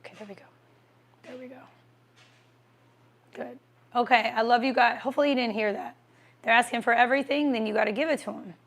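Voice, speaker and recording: A chatty woman hosting a casual livestream, answering viewer comments while she eats. Her voice sits a bit high and carries a gravelly, fry-tinged edge. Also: fairly even intonation, brisk, pauses often. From American Midwest. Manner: chatty, reads comments aloud, talks while eating.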